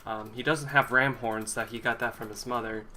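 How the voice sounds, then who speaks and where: A man's voice: mid-range voice, steady tone, moderate pace, bright, forceful tone, slight background noise. A man playing a tabletop game, describing things hesitantly with many fillers. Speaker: player.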